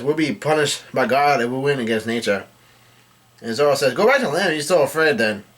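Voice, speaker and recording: A man's voice: mid-range voice, a bit bright. A man giving a casual read-through of a comic chapter, relaying the characters' lines in a plain voice and often correcting himself as he goes. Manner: halting, self-correcting delivery. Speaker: manga chapter recapper.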